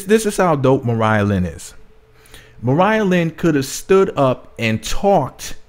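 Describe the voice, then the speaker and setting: Male vlogger, mid-pitched, loose slangy recap delivery, chatty and digressive. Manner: rambling, slangy, self-correcting, gossipy. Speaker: reality TV reviewer. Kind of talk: casual recap commentary.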